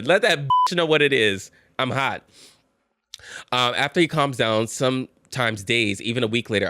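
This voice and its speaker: A man hosting a show reacting to relationship posts, talking casually with sass and high-pitched bursts of laughter. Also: dry recording. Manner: animated, sassy, bursts into high-pitched laughter and mocking voices. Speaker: host reacting to reddit posts. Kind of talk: casual commentary.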